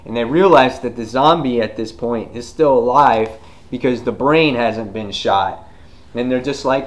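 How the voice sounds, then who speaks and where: A man chats casually through a comic book review at a middling pitch. He rambles and leans on lots of fillers. He breaks into loud acted-out outbursts when he retells the action. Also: a little slow.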